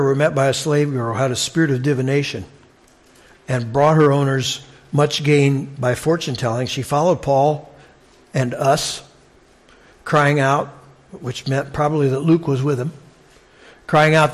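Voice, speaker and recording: A man teaching through a Bible passage in a conversational way, with asides and restarts. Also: a little high.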